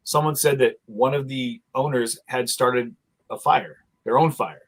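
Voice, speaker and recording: A man's voice: mid-range voice, unhurried, breathy edge, poor audio. A man hosting a casual online chat, rambling and retelling his own exchanges with many restarts. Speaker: host.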